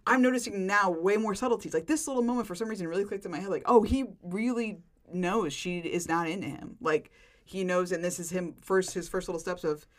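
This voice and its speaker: A woman co-hosting a casual podcast, recapping a TV episode in animated talk full of "like". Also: on the low side, a little fast. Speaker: podcast co-host.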